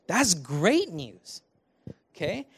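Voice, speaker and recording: A man's voice: high-pitched, wildly swooping pitch, drawn-out words, fairly bright tone, husky. A young man preaching a conversational sermon from a church stage, talking to the crowd with lots of rhetorical questions. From Canada. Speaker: preaching student.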